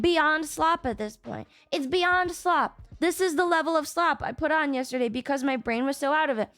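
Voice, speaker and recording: A woman's voice: high voice, a bit bright, no room sound. A woman streamer in casual chat, rambling and swearing freely as she talks to her viewers.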